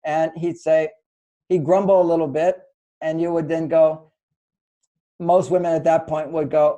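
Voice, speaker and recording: Older male advice author, mellow and slightly high-pitched, patient teaching manner. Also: fairly even intonation, moderate pace, low-quality recording. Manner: gentle, explanatory, acts out little dialogues. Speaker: relationship author and guest. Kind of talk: conversational advice interview.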